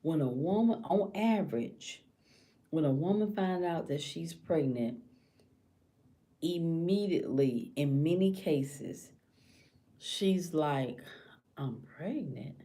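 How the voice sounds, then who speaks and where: Woman, vlogger, impassioned, dips into whispers, deep, mellow. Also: expressive, takes it slowly, pauses often. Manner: impassioned, slips into hushed whispers acting out a scared woman's thoughts. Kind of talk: casual monologue to camera.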